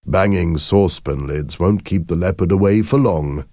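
A man voicing a calm, steady uncle who works as a wildlife officer, speaking in a measured, firm way. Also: sits low, no room sound, studio quality.

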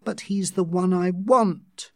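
A man voicing a headstrong, impatient young woman in love, with drawn-out, pleading delivery, in a read-aloud story. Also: on the low side, steady tone, dark tone, no echo, studio quality, voice pushed up. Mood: yearning.

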